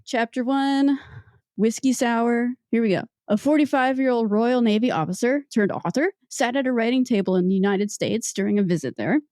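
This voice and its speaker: A woman hosting a history podcast, talking through the story with animated energy and frequent laughter. Her voice sits a touch high, and the sound is dry and close. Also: moderate pace, no room sound. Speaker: podcast host.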